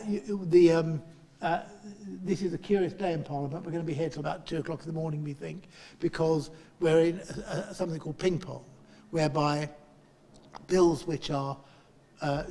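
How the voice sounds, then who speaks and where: A middle-aged man chairing a panel and giving a speech, halting and restarting often as he talks in a meeting room in Parliament. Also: on the high side, darkish tone, in a large hall. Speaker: chair and politician.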